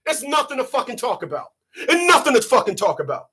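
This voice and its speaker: A man hosting his channel in a profane, emphatic rant, often shouting. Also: very high voice, wildly swooping pitch, quick pace, breathy edge. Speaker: channel host. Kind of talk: ranting commentary.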